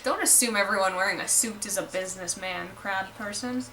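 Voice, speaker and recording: A woman's voice: medium pitch, a little fast, pushed and bright, distant mic, poor audio. A woman giving casual, wry reaction commentary while watching a show, full of "like" and asides. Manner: chatty, lots of "like", wry asides. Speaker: anime reaction vlogger. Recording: voice a bit off-mic with faint noise.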